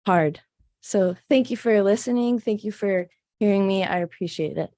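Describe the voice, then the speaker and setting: A woman giving halting, emotional personal testimony at a city council meeting. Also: medium pitch, mellow, no echo, studio quality. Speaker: resident giving public comment.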